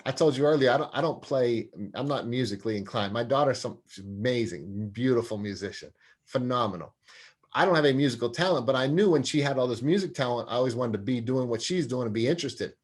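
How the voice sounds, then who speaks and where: A fast-talking man with a mid-range voice is interviewed as an anger management specialist and sports psychologist. He speaks earnestly, performing quoted voices as he goes.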